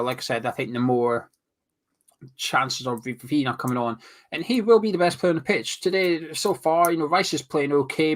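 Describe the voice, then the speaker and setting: A man's voice: mid-range voice, fairly bright tone. A man talking through a football match in casual, rambling analysis. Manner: rambling, repeats his points. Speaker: football pundit.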